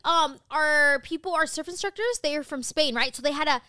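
A young woman co-hosting a podcast, chatting casually and gushing with animated enthusiasm, dropping the odd swear. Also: sits high, brisk, no echo, studio quality. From United States. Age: young adult. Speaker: podcast co-host. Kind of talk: casual chat.

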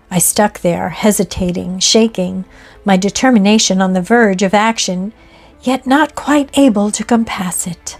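A woman reading a ghost story aloud in a measured, expressive way. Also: mid-range voice, faint music behind. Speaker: narrator. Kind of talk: scripted ghost story narration.

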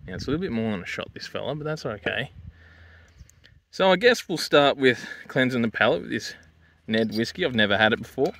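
An Australian man talking through a low-budget review with crude, swearing larrikin banter. His voice is bright and forceful, with a plain middle pitch. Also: no room sound. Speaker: drink and food reviewer. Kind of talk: crude casual vlog commentary.

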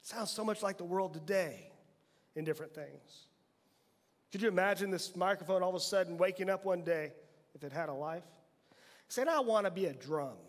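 A man with a notably high voice delivers a lively sermon, coaxing his listeners with question after question. His words ring out with a long tail of reverb from the church hall around him. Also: moderate pace, pauses often. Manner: animated preaching with rhetorical questions. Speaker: pastor. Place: church sanctuary.

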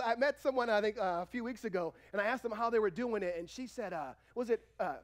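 A man's voice: sits high, fast talker, hardly any pauses. A male pastor preaching a sermon in a church, talking conversationally, asking the congregation questions and acting out quoted dialogue. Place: church sanctuary.

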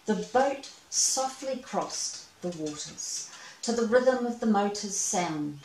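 A woman reading a children's storybook aloud, gentle and expressive with playful asides. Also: mid-range voice, slow, recorded from a distance, a little hiss or hum. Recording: echoey room, away from mic.

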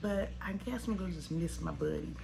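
A woman's voice: lowish voice, brisk, gravelly, over music. A woman in her forties, a vlogger, talking in a heartfelt, tearful, chatty way. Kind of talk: emotional vlog. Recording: noisy handheld recording.

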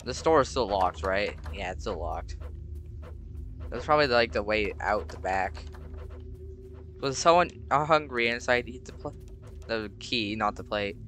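A young man chatting casually through a horror game, jumpy and prone to sudden shouts. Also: on the low side, animated, measured pace, long pauses, slight background noise. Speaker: gamer. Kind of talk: casual gameplay commentary.

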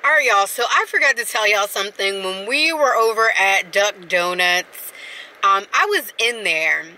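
A woman's voice: mid-range voice, normal speed, bright, forceful tone. A woman, chatting casually and rambling to her viewers in a vlog. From South Carolina. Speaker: vlogger.

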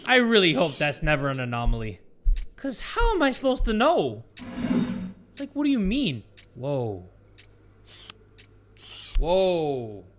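A young man giving jokey, excitable let's play commentary on a horror game, swearing and talking to his viewers. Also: a little high, slow pace, pauses often, a little hiss or hum. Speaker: gaming YouTuber.

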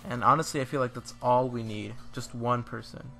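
A man's voice: medium pitch, brisk, vocal fry, pushed and bright, faint music behind. A young man hosting a gaming channel, talking casually and jokily over gameplay in a rambling, self-deprecating way.

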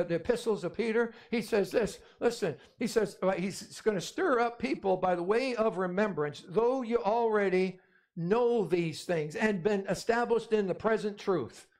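Pastor, male, high voice; emphatic repetitive preaching, peppered with amens. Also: moderate pace, darkish tone. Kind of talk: sermon.

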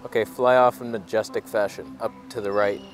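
A man's voice: lowish voice, fairly even intonation, brisk, soft background music. A man chatting playfully outdoors as a camera vlogger, joking at his own expense and slipping into mock narration. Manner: playful, self-mocking banter with mock narration. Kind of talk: joking outdoor vlog chat. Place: outdoors at a beach ridge.

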